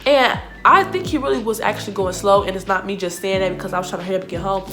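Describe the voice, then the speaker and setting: A young woman telling a casual storytime vlog, slangy and animated, acting out what others said. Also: mid-range voice, very fast. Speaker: vlogger. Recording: music playing behind the voice.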